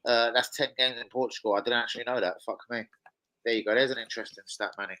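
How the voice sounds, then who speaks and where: Swearing, fed-up football host. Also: male voice, mid-range voice, fairly even intonation, fast. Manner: sweary, exasperated, bursts of shouting. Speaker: football watch-along host. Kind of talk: casual live football reaction.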